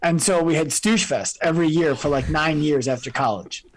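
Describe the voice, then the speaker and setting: A man appearing as a podcast guest, telling stories in an animated way and acting out other people's lines. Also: a little high, moderate pace, low-quality recording. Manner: animated storyteller, acts out quoted voices. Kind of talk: storytelling in interview.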